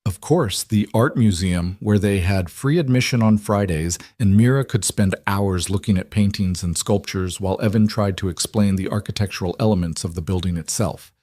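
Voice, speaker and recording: A man narrates a heartfelt story in an even, measured way. His voice sits fairly low. The sound is close and dry, with no room echo. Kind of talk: scripted narration.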